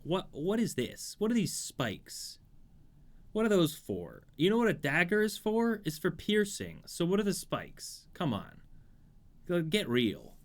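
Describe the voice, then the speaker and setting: A man's voice: sits high, huge pitch swings, a little slow. A man streaming a video game, giving rambling, wry commentary that easily drifts off topic. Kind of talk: let's play commentary.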